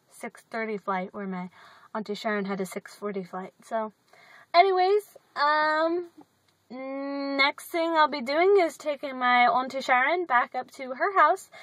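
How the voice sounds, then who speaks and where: Woman vlogger, casual chat, high and bright, sarcastic and rambling; dry phone audio from a parked car. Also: no room sound, low-quality recording.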